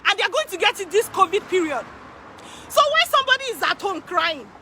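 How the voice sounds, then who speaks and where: A woman working as an immigration consultant, talking excitedly to her viewers, repeating phrases for emphasis and laughing often. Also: very high-pitched, brisk, slight background noise. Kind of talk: excited direct-to-camera talk. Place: in Canada.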